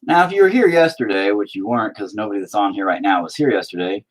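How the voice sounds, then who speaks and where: A man's voice: on the low side, fast talker. A man rambling casually to his stream while he paints, swearing constantly and joking. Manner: profane, rambling, jokey. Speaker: streaming artist.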